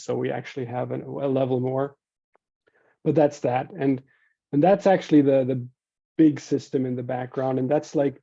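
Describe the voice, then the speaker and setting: A man explaining software architecture in a casual video call, thinking aloud and restarting phrases as he goes. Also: medium pitch, no echo, dull audio. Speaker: software project developer.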